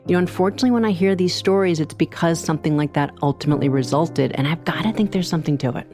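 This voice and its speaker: True crime co-host, very low female voice, measured explainer, faint music bed. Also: darkish tone. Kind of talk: conversational true crime narration.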